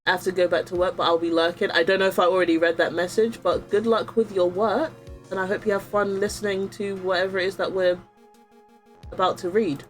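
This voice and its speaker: A young adult woman streaming a game, chatting excitedly with her viewers and reading the game's dialogue aloud. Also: on the low side, a little fast, faint music behind.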